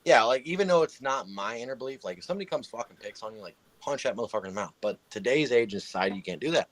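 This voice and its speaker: A man's voice: medium pitch, animated, very fast, dry recording. A man in his thirties or forties telling a heated personal story in casual chat, swearing constantly.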